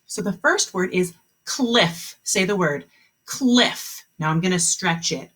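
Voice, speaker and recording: A kindergarten teacher leading a phonics lesson over a video call, her pace slow and patient as she draws out each sound. Her voice is bright with a husky edge, and it swoops lively up and down as she cheers the children on. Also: fairly low pitch. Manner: slow, encouraging, stretches out word sounds.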